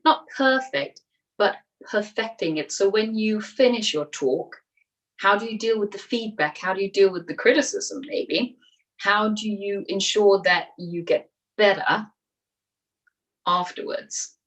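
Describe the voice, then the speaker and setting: Female speaking coach, encouraging workshop delivery, mid-pitched, recorded at a distance. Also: measured pace. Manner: lively, encouraging, acts out inner voices. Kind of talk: online workshop talk.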